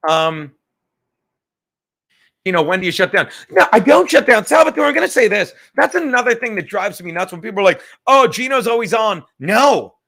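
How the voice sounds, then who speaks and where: A man hosting a live stream, rambling loudly and profanely from topic to topic in casual chat. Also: high-pitched, creaky. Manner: loud, rambling, profane, jumps between topics.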